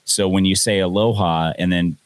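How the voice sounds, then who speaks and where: Low-voiced guy chatting casually on a podcast, loose and profane, dead dry mic. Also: fairly even intonation, normal speed, dry recording. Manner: laid-back, profane storytelling. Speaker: podcast co-host. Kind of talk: casual chat. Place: home in Hawaii.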